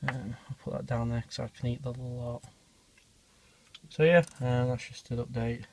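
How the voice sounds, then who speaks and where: A man chats loosely through a home vlog, filling gaps with ums and hesitations. His mid-pitched voice carries a gravelly fry, and he goes hushed whenever he leans in close. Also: little pitch movement, moderate pace. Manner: rambling, many ums, talks quietly near the animals. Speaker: tarantula keeper filming feedings. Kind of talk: casual off-the-cuff vlog narration.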